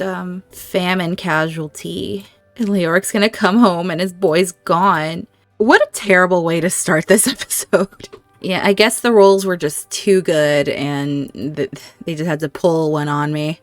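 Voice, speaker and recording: A woman's voice: lowish voice, fairly even intonation, unhurried, dry recording, soft background music. A woman giving casual gameplay commentary, reacting emotionally and talking aloud to the characters on screen. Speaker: gameplay video host.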